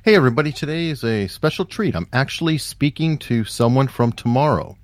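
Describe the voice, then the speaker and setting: A man's voice: medium pitch, animated, brisk, dry recording. A man from the United States hosting a podcast, asking curious, amused questions in a casual interview. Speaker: podcast host.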